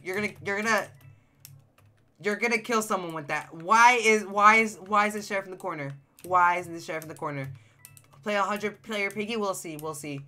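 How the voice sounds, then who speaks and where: A male game streamer with a high-pitched voice that sometimes cracks, chatting excitedly and answering his live chat while he plays. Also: a little fast, soft background music. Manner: excitable, chatty, reacts to chat, repeats phrases.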